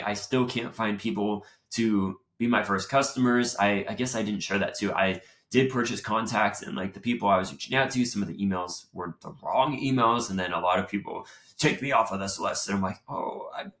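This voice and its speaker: A young adult man hosting his own show, talking casually and lively, acting out his own thoughts as he goes. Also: fairly low pitch. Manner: chatty, animated, acts out his own thoughts. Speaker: show host. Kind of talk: casual solo talk. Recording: roomy echo.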